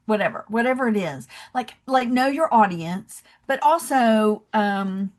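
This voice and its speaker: A woman with a Southern US accent, a podcast guest who talks in a lively way and acts out little scenes in voices. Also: fairly high pitch, measured pace, hardly any pauses. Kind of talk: conversational interview.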